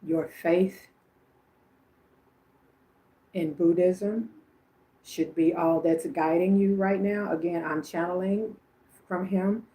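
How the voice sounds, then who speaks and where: A woman's voice: fairly low pitch, steady tone, slow, long pauses, warm tone. A woman from Illinois hosting a livestream as a psychic medium, relaying messages in a chatty, informal way and laughing often between phrases. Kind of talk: casual livestream psychic reading.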